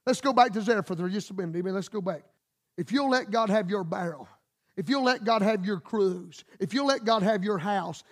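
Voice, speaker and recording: A man preaching a fervent sermon with emphatic, rhythmic repetition. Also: high voice.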